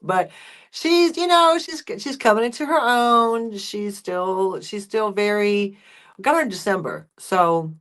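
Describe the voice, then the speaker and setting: A woman's voice: medium pitch, measured pace. A woman chatting casually as a guest, telling stories and voicing her pets and neighbors. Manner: chatty storyteller, acts out pets and people in hushed voices. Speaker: guest friend. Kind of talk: casual live chat.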